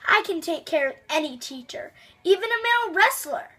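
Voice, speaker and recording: A woman's voice: very high voice, lively intonation, moderate pace, bright, forceful tone, pitched above the performer's own voice, heavily acted. A woman voicing a boastful schoolboy in a light reading voice. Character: bragging schoolboy.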